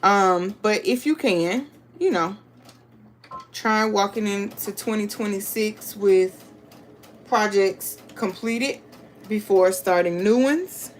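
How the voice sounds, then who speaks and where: A woman's voice: medium pitch, slow pace, a little hiss or hum. A woman hosting a live sewing stream, chatting casually with viewers and reading the chat aloud. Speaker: crafting livestream host.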